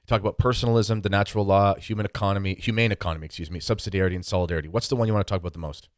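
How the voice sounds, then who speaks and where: A male podcast host with a fairly low voice, recorded dry and close. He speaks in a relaxed, conversational way, dropping in fillers as he goes. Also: very fast, dry recording. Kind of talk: casual conversational interview.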